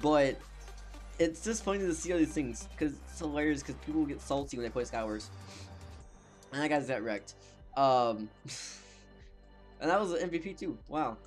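A man with a fairly high voice talks casually over a video game, teasing and sarcastic, breaking into laughter at his own jokes. Soft music plays quietly in the background. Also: animated, moderate pace, pauses often. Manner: joking, sarcastic, often cracks up laughing. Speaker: gaming channel host. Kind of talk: casual gameplay commentary.

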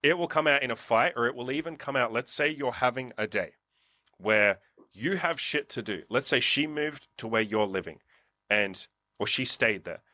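A man's voice: mid-range voice, normal speed, sharp tone, dry recording, studio quality. A man giving blunt, profane dating advice in a casual coaching conversation, acting out what others would say. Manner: profane, blunt, acts out quotes.

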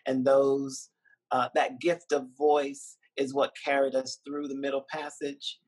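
A man with a husky, slightly breathy voice speaks over a video call. He reflects slowly and emotionally, often pausing with ums and soft laughs. His pitch sits in an ordinary middle range. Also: little pitch movement, low-quality recording. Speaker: documentary filmmaker and university dean. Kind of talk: virtual interview conversation.

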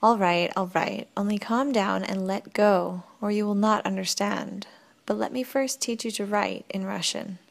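Woman narrator as a patient, wise young forest woman; slightly gravelly, quiet explaining. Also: mid-range voice, steady tone, normal speed, lightly acted. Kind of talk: audiobook reading.

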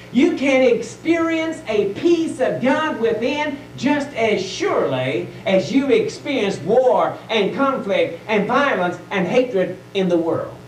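Man preaching with a hush-and-swell delivery. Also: very high voice. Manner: dramatic swings between a full voice and hushed, near-whispered lines. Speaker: pastor. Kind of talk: sermon. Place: church sanctuary. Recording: echoey church audio taped from a distance, faint hum.

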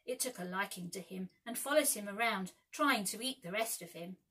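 A woman voicing a boastful boy who never grows up, calling out loudly in a children's storybook reading. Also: medium pitch, brisk, slightly rough, far from the mic. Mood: telling. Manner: loud, excited calls.

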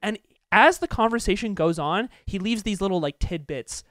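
A young man hosting a podcast, telling an animated, profane anecdote in casual chat, with many fillers. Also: sits high, moderate pace, no echo, studio quality. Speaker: podcast host. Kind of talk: casual storytelling.

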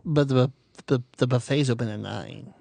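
Gravelly man giving terse deadpan replies. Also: mid-range voice, moderate pace, no room sound. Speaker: show staffer. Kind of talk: casual radio chat.

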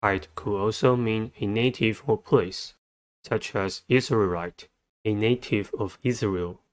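Guy teaching spelling really slow, lowish voice, one letter at a time. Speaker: vocabulary teacher. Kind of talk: methodical spelling lesson.

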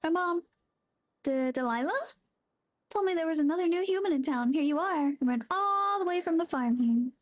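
A woman reading aloud the lines of a cheerful young courier boy from a game, upbeat and quick. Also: very high voice, expressive. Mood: eager.

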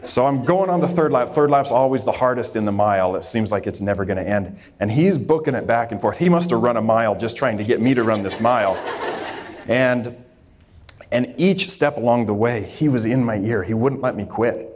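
A man's voice: on the low side, a little fast, a little mellow, slight background noise. A man who grew up in Idaho, a dermatologist giving a candid, informal talk to a group of students, with frequent fillers and restarts. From Idaho, USA.

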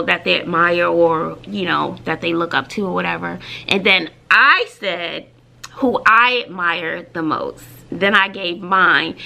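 A woman who teaches middle school, telling stories casually and reading aloud from a student's paper, animated and gushing. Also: mid-range voice, gravelly. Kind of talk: casual vlog storytelling.

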